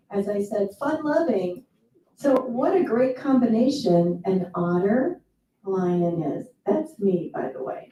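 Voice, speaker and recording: A woman's voice: medium pitch, animated, takes it slowly, mellow. A woman giving an enthusiastic, playful motivational seminar talk to a live audience, breaking into quoted asides. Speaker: motivational speaker. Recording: echoey hall, speaker far from mic.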